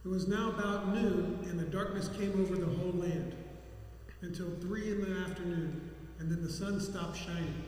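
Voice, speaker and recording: Male scripture reader, high-pitched and halting, recorded in an echoey hall. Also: fairly even intonation, a little mellow, a little hiss or hum. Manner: halting, with restarts. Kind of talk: reading scripture aloud.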